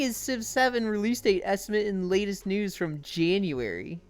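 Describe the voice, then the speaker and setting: Lively, swearing woman streamer. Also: mid-range voice, moderate pace, faint music behind. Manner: animated, swears often, exaggerated outbursts. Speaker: livestreamer. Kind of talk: casual live-stream chat. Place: at home in VR.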